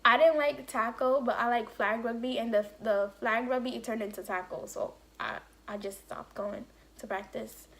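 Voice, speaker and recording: A woman's voice: a little high, normal speed. A young woman vlogger telling a casual story, acting out quotes and saying "like" often. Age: young adult. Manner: animated storytelling with acted-out quotes and lots of "like". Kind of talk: casual story-time chat.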